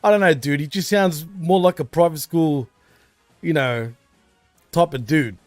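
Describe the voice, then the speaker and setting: A man's voice: a little high, a little slow, no room sound, faint music behind. An Australian man co-hosting a podcast, chatting casually in a laid-back way, calling people bro and dude. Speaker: podcast co-host. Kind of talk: casual wrestling banter.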